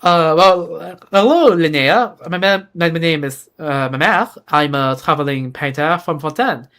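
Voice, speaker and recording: A reader voicing a small, shy fairy creature with a mock French accent, soft, hesitant and childlike, in a fan reading of game dialogue. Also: medium pitch, measured pace.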